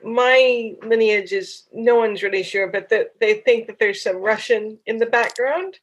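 A woman's voice: fairly high pitch, measured pace, breathy edge, rough recording. A woman hosting a casual chat, asking follow-up questions and listening with short affirmations. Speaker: host.

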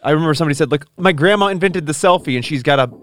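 A man's voice: fairly high pitch, rapid-fire, fairly bright tone. A man in a casual podcast chat, joking and playful.

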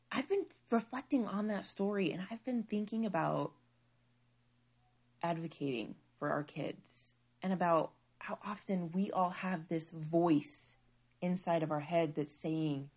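A woman's voice: fairly low pitch, unhurried, darkish tone. A woman in her thirties, a mother, telling a personal family story in a conversational, reflective way with frequent fillers. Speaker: mother of young children.

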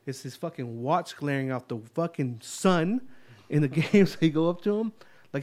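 Profane, animated higher-voiced guy. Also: normal speed. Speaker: podcast co-host. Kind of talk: casual chat.

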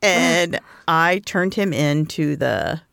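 A woman's voice: lively intonation, slow, creaky, fairly bright tone, clean tone. A woman in her forties co-hosting a podcast, chatting casually and acting out quotes in her stories. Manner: chatty storyteller, acts out quotes with big pitch jumps. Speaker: podcast co-host. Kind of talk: casual chat.

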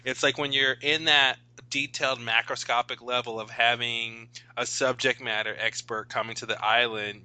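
Man, very bright tone, casual podcast co-host, rambling, thoughtful, lots of ums. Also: medium pitch, low-quality recording. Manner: thoughtful, rambling, many fillers.

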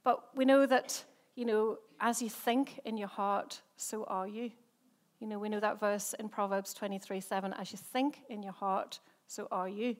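A middle-aged English woman, a senior pastor, preaching in a chatty, conversational way with rhetorical questions and quick restarts. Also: mid-range voice, fairly even intonation. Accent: English, softened by time living in Northern Ireland. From England. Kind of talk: sermon.

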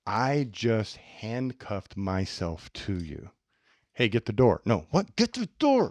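With a lowish voice and a measured pace, this self-help podcast co-host speaks in a recording free of room sound. He's animated as he teaches, performing small everyday scenarios.

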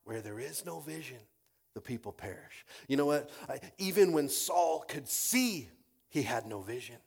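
A man preaching a sermon in an animated storytelling way, acting out quoted voices and swinging from loud bursts to quiet passages. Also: mid-range voice, normal speed, gravelly, husky.

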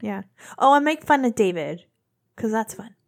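A woman in her thirties co-hosting a casual podcast chat, an animated storyteller who acts out quotes. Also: fairly high pitch, moderate pace, vocal fry. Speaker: podcast co-host.

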